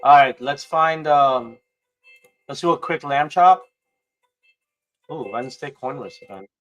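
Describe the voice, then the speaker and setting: A man hosting a casual livestream, excitable and prone to swearing, swinging between hyped outbursts and low mumbling. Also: measured pace, highs cut off, soft background music. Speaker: livestream host.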